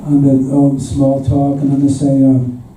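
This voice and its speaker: A Northern Irish guest musician in his seventies, with a Belfast accent, tells chuckling anecdotes before a live audience in a hall. His medium-pitched delivery is completely flat, measured and mellow. Captured from far off in an echoey room, the recording has a little hiss or hum.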